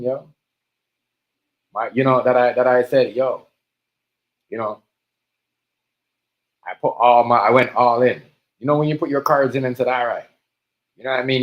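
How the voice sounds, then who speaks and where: A man's voice: medium pitch, muffled recording. Slangy man ranting on a stream. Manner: animated, street slang, repeats himself. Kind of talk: casual livestream monologue.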